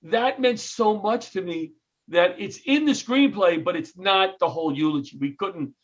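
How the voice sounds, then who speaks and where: This middle-aged New York comedian, a retired firefighter appearing as a guest, delivers storytelling-interview tales at normal speed with a comic's timing, animatedly slipping into quoted lines. His voice is high for a man, in a bit dull, lo-fi audio.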